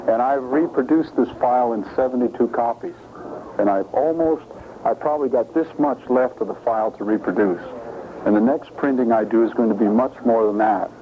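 A man's voice: mid-range voice, normal speed. A man preaching in a sermon-style Bible study, emphatic and asking his listeners questions. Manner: emphatic, asks the audience questions. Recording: lo-fi phone-like recording with faint hiss.

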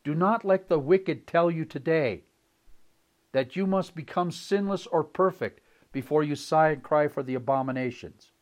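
An older man preaching a sermon, reading quoted passages aloud and commenting on them with slow, emphatic repetition. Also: a little high, a little mellow. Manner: slow emphatic delivery, repeating phrases.

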